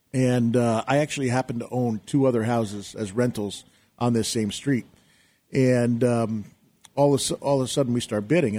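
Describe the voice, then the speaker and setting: A middle-aged man recounting a story as a talk show guest. He tells it with energy and acts out his own shouting in the retelling. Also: medium pitch. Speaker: guest, real estate investor.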